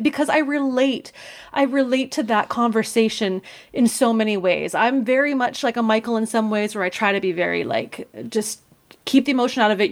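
A woman co-hosting a podcast, gushing and emphatic, dropping casual swears. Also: on the high side. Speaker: podcast co-host.

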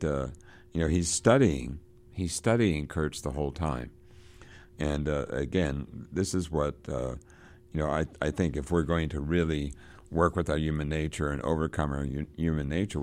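A man with a very low, deep voice works through a novel, reading passages aloud and then pausing to explain them. Between readings he talks haltingly, with many fillers and restarts, and his voice rises and grows louder when he reads the text.

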